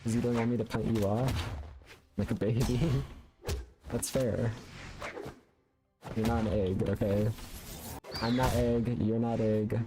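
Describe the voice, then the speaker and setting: A man's voice: mid-range voice, steady tone, slow pace, long pauses, noisy background. A man streaming a fighting game, rambling playfully with many fillers over his own play. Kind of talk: casual gaming commentary. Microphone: studio condenser mic.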